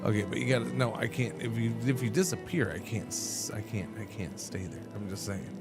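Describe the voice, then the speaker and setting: A man with a lowish voice streams a game live and talks loosely to his chat. He rambles, stammers and repeats himself as he answers messages. Game music plays clearly underneath. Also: brisk.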